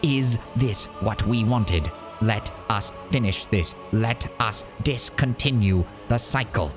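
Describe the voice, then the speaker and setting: A man's voice: lowish voice, slow pace, music in the background. A man voicing a weary pleading tech-priestess. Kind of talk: game dialogue read aloud.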